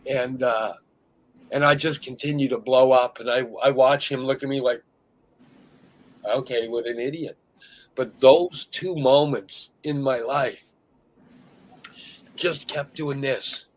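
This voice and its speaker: A middle-aged man hosting an interview, speaking candidly and emphatically, sometimes dropping to hushed tones. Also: medium pitch, steady tone, a little slow, low-quality recording. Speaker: host.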